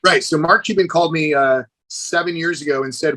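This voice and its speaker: A middle-aged American fitness trainer, guesting on a casual podcast interview, tells stories with animated enthusiasm and keeps calling the host "dude." His voice sits on the high side and moves fairly quickly, captured in a rough recording.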